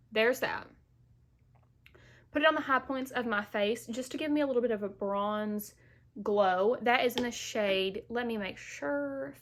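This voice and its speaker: A woman's voice: fairly high pitch, a bit bright. Chatty young woman doing her makeup. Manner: chatty, playful asides, Southern-style "y'all". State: recovering from illness, gets out of breath. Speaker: beauty vlogger. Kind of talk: casual makeup tutorial chat. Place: at home.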